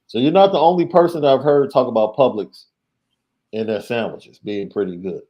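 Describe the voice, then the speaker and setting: A man co-hosting a casual sports talk show, measured, repeating his points for emphasis. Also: medium pitch, muffled recording. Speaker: podcast co-host, recruiting analyst.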